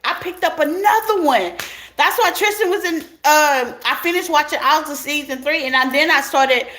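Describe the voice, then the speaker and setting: Speaking at a moderate pace, this woman has a high voice with a sharp edge. She's a tarot reader doing a relaxed reading for her audience, talking straight to them, chatty and quick to laugh. Background noise comes through clearly.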